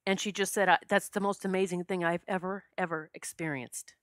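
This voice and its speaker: A woman's voice: fairly low pitch, fairly even intonation, brisk, dry recording, studio quality. A middle-aged woman hosting a podcast, telling a personal spiritual story with heartfelt emotion that chokes her up. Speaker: podcast host.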